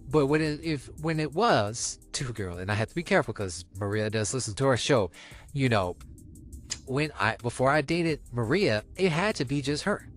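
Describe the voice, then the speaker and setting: A young man chats openly on a podcast about his own dating life, his pitch rising and dipping freely. Faint music sits under his voice. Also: moderate pace. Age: young adult. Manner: frank, personal, lively ups and downs in pitch. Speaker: podcast co-host. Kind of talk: casual podcast chat.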